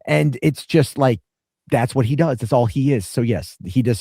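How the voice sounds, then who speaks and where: A man's voice: mid-range voice, moderate pace, mellow, breathy edge, dry recording, studio quality. A man hosting a casual reaction show, talking in a profane, sarcastic, rambling way. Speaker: reaction streamer host.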